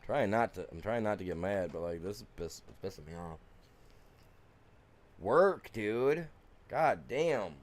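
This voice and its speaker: A man streaming a farming game, grumbling and muttering, then bursting out loud at the game. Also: fairly low pitch, expressive, unhurried, pauses often. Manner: frustrated grumbling, swings between mutters and loud outbursts at the game; sings along off-key to music. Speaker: gaming streamer. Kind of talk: casual live-stream commentary.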